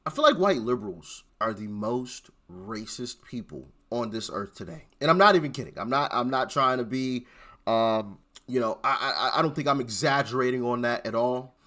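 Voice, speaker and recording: A man's voice: medium pitch, animated, moderate pace, bright, forceful tone. A man hosting political commentary, speaking emphatically and often stuttering over repeated words. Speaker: host.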